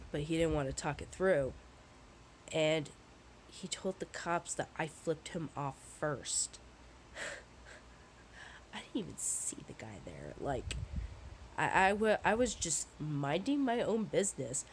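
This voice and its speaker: Woman, gravelly voice, casual storytime, profane, rambling, shaken. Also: deep voice, big pitch swings, takes it slowly, long pauses, a little hiss or hum, poor audio. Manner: profane, candid, rambling with restarts. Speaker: vlogger.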